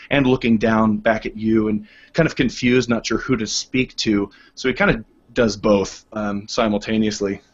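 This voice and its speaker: A husky-voiced man runs a tabletop game, narrating in a loose, relaxed way with lots of fillers. The recording is dull and lo-fi. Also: fairly low pitch. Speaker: game master.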